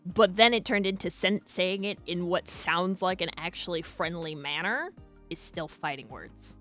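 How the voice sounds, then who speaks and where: A woman's voice: on the low side, normal speed, fairly bright tone, soft background music. A woman streamer chatting casually, laughing often and swearing freely. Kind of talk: casual chat.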